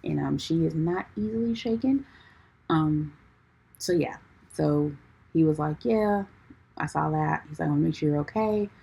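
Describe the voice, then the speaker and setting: A young woman with a low, gravelly voice tells a story on her podcast. She talks chattily to her listeners, laughing as she goes and filling her sentences with "like". The tone is easygoing and personal. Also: normal speed, long pauses, dark tone, poor audio. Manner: chatty, peppered with "like", calls listeners "y'all". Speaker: podcast host. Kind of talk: casual storytelling chat.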